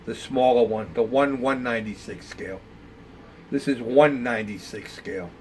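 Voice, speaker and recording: A man's voice: mid-range voice, moderate pace, a little mellow, a little hiss or hum. An older man telling a casual, rambling story about building model ships, with plenty of fillers. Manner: rambling, conversational, with many fillers.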